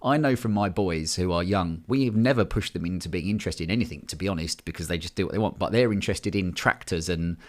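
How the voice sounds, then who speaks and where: A man in his thirties talks bluntly in a relaxed podcast chat. His voice sits slightly low, and he swears freely as he tells stories with animation. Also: fast talker, few pauses. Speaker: men's coach, podcast guest. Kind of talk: casual podcast conversation.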